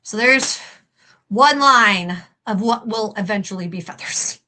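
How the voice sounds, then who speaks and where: Bright-voiced woman chatting while crafting. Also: medium pitch, a little slow. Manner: chatty, self-deprecating, talks while working. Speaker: livestream host and prop maker. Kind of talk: casual crafting livestream chat.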